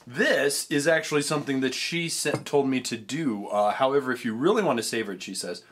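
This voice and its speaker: A man's voice: medium pitch, a little fast, few pauses, fairly bright tone, slightly rough. A young man chatting casually in a food review vlog, rambling with frequent restarts and stumbles. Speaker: vlogger tasting treats.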